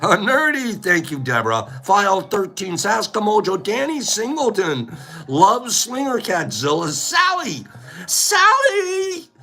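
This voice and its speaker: A man hosting a casual live stream, rambling playfully and calling out viewers by name with sudden high whoops. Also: very animated, a little slow, vocal fry, a bit bright. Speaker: livestream host.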